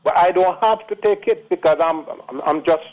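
A man's voice: high-pitched, moderate pace, a little mellow, low-quality recording. A man in his late sixties with a Jamaican accent, calling in to give an emphatic testimonial, repeating himself and slipping into patois. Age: late 60s. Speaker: caller. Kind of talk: phone-in testimonial.

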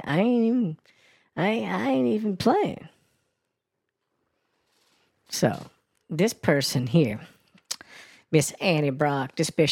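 A man doing a gravelly foul-mouthed woman reporter. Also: on the high side, dry recording, clean studio sound. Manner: crude, sassy ranting. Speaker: news and weather reporter. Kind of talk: comedy radio character bit.

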